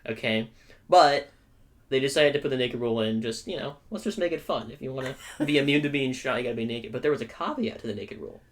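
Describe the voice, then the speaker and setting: A young man co-hosting a podcast, telling a story in a casual, animated way with frequent check-ins to his listener. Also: mid-range voice, quick pace. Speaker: podcast co-host.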